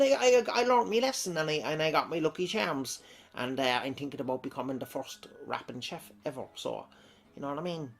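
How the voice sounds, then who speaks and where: A man's voice: fairly high pitch, fairly bright tone. An Irish man reading out viewer comments in a chatty, rambling way, often breaking into laughter. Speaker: comedic vlogger.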